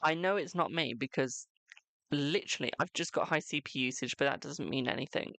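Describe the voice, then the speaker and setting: A British man with a gravelly, creaky voice, chatting casually on a live stream. He is talkative and self-mocking and swears now and then. The sound is dry and close, with no room echo. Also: on the high side, brisk, pushed and bright. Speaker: tarot reader and live streamer.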